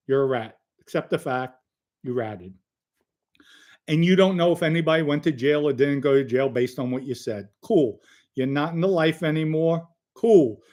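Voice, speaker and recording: A man's voice: a little high, darkish tone. A man giving confrontational, casual commentary, blunt and profane as he calls someone out and then reacts to clips.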